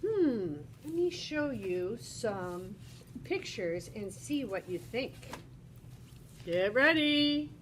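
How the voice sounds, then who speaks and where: A woman's voice: on the high side, very animated, very slow, slight background noise. A woman teacher giving a bubbly, exclamatory video lesson to children. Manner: bubbly and exclamatory, talks to kids.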